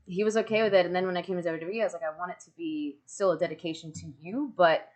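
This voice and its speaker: A woman in her thirties hosting a stream over a video call, telling excitable stories, laughing often and acting out quotes in casual chat. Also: on the low side, fast talker.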